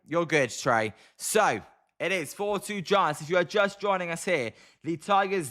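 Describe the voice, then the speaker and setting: British man, live-stream baseball caller. Bright, slightly high voice, chatty and relaxed. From Britain. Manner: chatty, greets viewers by name between pitches. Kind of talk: casual live play-by-play and chat reading.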